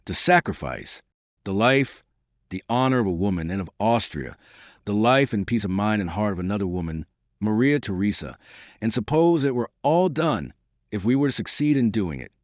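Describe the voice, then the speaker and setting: A man's voice: on the low side, sing-song, normal speed, no echo, studio quality. A man voicing a shaken royal superintendent who speaks in urgent, alarmed protest. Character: agitated male royal superintendent, middle-aged, shaken.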